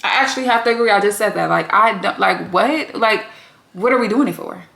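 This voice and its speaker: A woman's voice: mid-range voice, brisk, creaky, a bit bright, reverberant. A woman giving a blunt, sassy, casual recap commentary and swearing freely. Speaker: recap vlogger.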